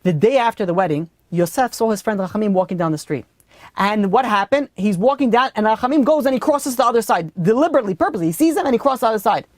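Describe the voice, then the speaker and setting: Storytelling rabbi with a dry sound. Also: male voice, sits high, animated, fast talker, no echo. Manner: conversational, acts out story dialogue, many fillers. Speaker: rabbi teaching a weekly class. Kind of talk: storytelling lesson.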